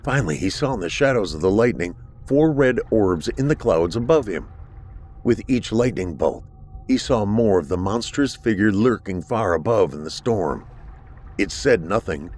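A man narrating a horror story with steady, dramatic delivery. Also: on the low side, normal speed.

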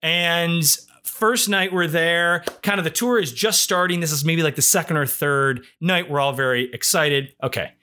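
A man from the Midwest who hosts a podcast and tells a story in an animated, jokey, profane way. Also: fairly high pitch, moderate pace, few pauses, a little hiss or hum. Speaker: podcast host. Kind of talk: comedic storytelling chat.

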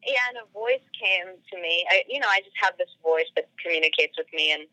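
A woman's voice: lowish voice, expressive, fairly quick, bright, forceful tone, no room sound, lo-fi sound. A woman guest on a podcast telling a personal story casually, full of "like" fillers and acted-out quoted dialogue.

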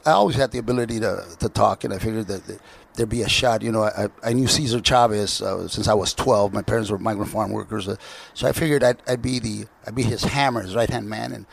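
Gravelly, husky man telling stories. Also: on the low side. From United States. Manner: halting, with frequent restarts and filler words; lively anecdotes with put-on voices for other people. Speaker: guest. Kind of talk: storytelling interview talk.

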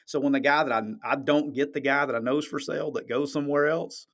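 A man's voice: on the high side, steady tone, fast, a bit bright. A man hosting a podcast, talking sports in a blunt, emphatic, profane way and often checking "okay?". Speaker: podcast host. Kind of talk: casual sports talk.

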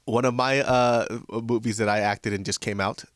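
A man co-hosting a podcast in casual chat, teasing and quick with guesses. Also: medium pitch, steady tone, dry recording, clean studio sound. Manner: teasing, laughs easily, throws out quick guesses. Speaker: podcast co-host.

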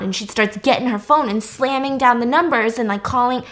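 Casual woman podcaster, animated, swears while retelling a movie, slightly high voice. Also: normal speed, hardly any pauses. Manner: animated, profane storytelling. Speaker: host recapping a film. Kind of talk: casual chat.

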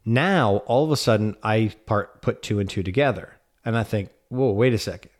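A man's voice: on the low side, moderate pace. A man in his thirties casually telling a spooky family story as a podcast co-host, acting out the quoted lines and swearing now and then.

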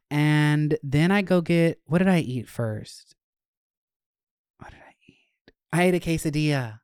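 A young adult podcast host telling stories in a casual, animated, profane way. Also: medium pitch, normal speed, smooth, no room sound, studio quality. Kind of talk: casual chat.

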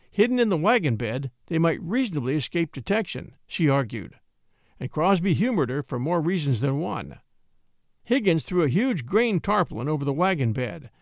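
A man narrating an old-fashioned tale with an expressive storytelling delivery. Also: a little high, vocal fry, no room sound, clean studio sound.

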